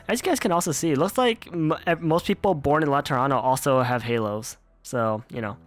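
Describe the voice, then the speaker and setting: A man's voice: medium pitch, a little fast, hardly any pauses, soft background music. A man streaming a game, chatting casually and rambling with plenty of restarts. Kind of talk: casual game playthrough commentary.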